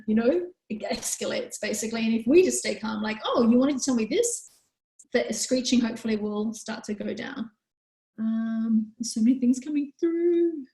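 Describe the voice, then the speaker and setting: Woman, workshop host, gentle, calm, explaining, fairly high voice, roomy echo. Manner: gentle, calm, explanatory, with frequent "you know". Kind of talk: live online workshop Q&A.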